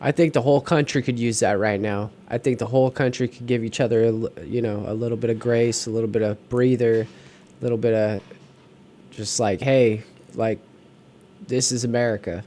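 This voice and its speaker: A man's voice: medium pitch, fairly even intonation, a little fast, dark tone, a little hiss or hum. A man co-hosting a casual podcast chat, rambling with lots of fillers and restarts. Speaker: podcast co-host.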